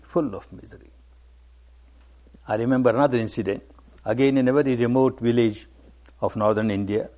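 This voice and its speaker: An older man, a meditation teacher, gives a slow dharma talk, telling stories and repeating key phrases for emphasis. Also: medium pitch, a little mellow. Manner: slow, repetitive, emphatic delivery.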